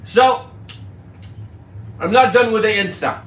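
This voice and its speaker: A middle-aged man talking casually on his livestream, rambling from topic to topic in a loud, profane, boisterous way. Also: high-pitched, takes it slowly, echoey room. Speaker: livestreaming content creator.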